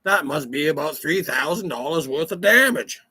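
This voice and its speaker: A man playing a rambling country cousin, telling a comic story in a slow, folksy way. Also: on the high side, animated, sharp tone, slightly rough, no echo, full character voice. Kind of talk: comic character monologue.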